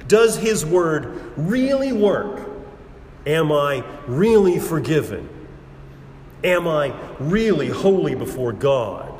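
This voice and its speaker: A man delivering a sermon in a slightly high voice, slow and deliberate, leaning on repetition and dramatic pauses. His words ring out through a roomy church hall with a long reverb tail. A faint background hum sits under it all. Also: sing-song, a little mellow. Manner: measured, emphatic preaching with repetition and dramatic pauses. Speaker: preacher.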